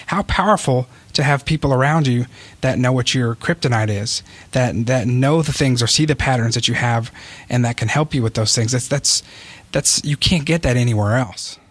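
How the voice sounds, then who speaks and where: A male podcast host with a mid-pitched voice who thanks and praises his guest in an earnest, appreciative tone. The recording is dry and close. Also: normal speed, no room sound. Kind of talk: interview conversation.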